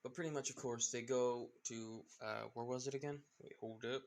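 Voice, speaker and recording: A man's voice: mid-range voice, steady tone, normal speed. A man casually retelling a fan story, rambling with many fillers and losing track of names.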